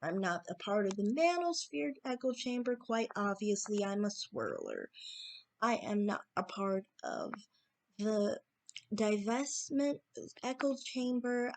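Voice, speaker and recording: A woman speaking in an assertive opinion monologue to her viewers, repeating points for emphasis, with fillers and short pauses. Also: mid-range voice, darkish tone. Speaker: YouTube commentator.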